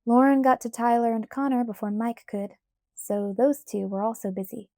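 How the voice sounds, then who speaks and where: A woman narrating a first-person audiobook in a steady, clear storytelling manner. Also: a little high, normal speed, no echo, clean studio sound.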